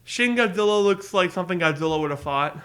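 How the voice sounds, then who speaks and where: A man co-hosting a podcast in casual chat, eagerly pitching ideas and jumping between topics. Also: lively intonation, quick pace, fairly bright tone. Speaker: podcast co-host.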